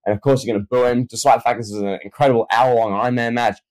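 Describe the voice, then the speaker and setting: A man's voice: medium pitch, steady tone, very fast, a little mellow, rough recording. A man co-hosting a casual chat, talking in laid-back, slangy banter. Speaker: co-host.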